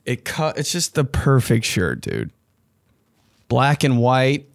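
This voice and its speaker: A young man hosting a casual podcast monologue, excitable and slangy, swearing freely and often jumping into high mocking voices. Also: slow, dry recording, studio quality. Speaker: podcast host.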